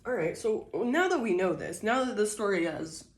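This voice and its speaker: A woman giving a casual tarot reading who laughs a lot and swears freely, swinging from loud bursts to quiet musing. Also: mid-range voice, animated, moderate pace. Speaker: tarot reader.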